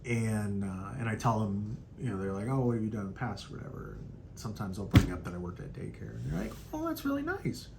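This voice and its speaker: A young man hosting a casual podcast, telling a story in a loose, profane way and acting out quotes in a higher voice. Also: fast talker, gravelly, few pauses, noisy background. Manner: animated, profane, acts out quotes in raised pitch. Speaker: podcast host.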